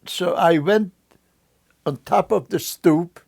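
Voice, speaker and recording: An older man recounting memories in an interview, telling his story in a slow, halting way with frequent restarts. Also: sits high, creaky, a little mellow.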